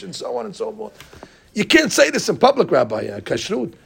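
Gravelly high-voiced rabbi preaching. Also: male voice, a little fast. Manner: animated storytelling, acting out congregants' complaints; mixes Hebrew terms into English. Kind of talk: sermon.

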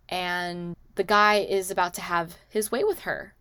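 A woman's voice: on the low side, fairly even intonation, a bit bright, clean tone, no echo. A woman in a casual movie recap vlog, talking chattily with many "like" and "you know" asides. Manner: acts out characters' lines in quick quotes. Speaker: movie recommendation vlogger.

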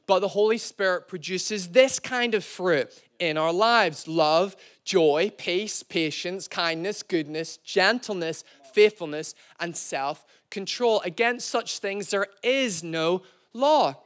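Male pastor, young adult, pitched high; jokey, self-mocking storyteller who keeps addressing the congregation. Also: measured pace, a bit bright. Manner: playful, self-deprecating storyteller, calls to the church. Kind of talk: sermon with storytelling.

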